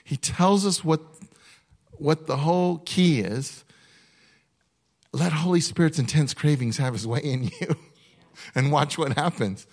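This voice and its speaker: A male pastor giving a sermon in an earnest, conversational way, often restarting his sentences and slowing down to read a list one item at a time. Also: fairly high pitch, a little mellow.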